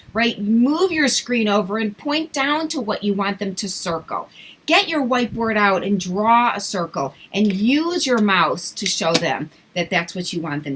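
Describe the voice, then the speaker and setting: Woman, online English teacher, bright tone, casual vlog tips, clear slow modeling of words. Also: medium pitch, rough recording. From English-speaking country.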